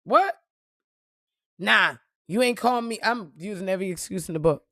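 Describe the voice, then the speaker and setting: A woman vlogger giving a casual motivational talk to her followers, blunt and profane, swinging from loud punchy bursts to soft reflective moments. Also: medium pitch, quick pace, no room sound, clean studio sound. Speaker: spiritual reader and motivational vlogger.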